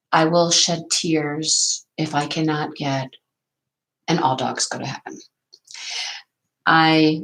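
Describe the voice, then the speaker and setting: A middle-aged woman chats her way through a casual livestream. Her voice sits a little low, and her talk rambles as she reads out and answers viewer comments. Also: rough recording. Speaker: livestream host.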